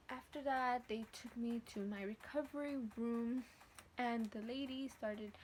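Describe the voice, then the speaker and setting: A woman's voice: a little high, darkish tone, a little hiss or hum. A teenage woman vlogger telling a casual story from home, blunt and profane with lots of slang. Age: teens.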